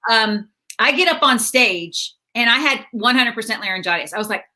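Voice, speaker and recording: A middle-aged woman comedian telling stories in a casual interview, animated and full of repeats and restarts. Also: fairly high pitch, normal speed. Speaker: stand-up comedian guest.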